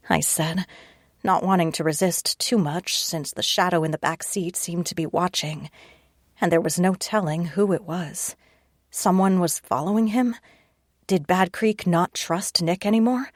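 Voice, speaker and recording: A woman's voice: on the low side, measured pace, dry recording. A woman reading a first-person audiobook narration with a tense, wry inner voice, close to a studio mic.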